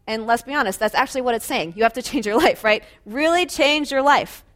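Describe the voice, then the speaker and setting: A woman's voice: a little high, a little fast, fairly bright tone. A woman preaching a sermon in a conversational way, asking listeners rhetorical questions and laughing lightly between phrases.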